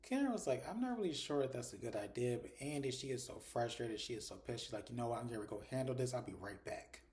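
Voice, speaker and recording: A man casually recapping a TV episode, retelling the scenes and briefly mimicking the characters' lines in a higher voice. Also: expressive, quick pace, darkish tone. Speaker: TV show reviewer.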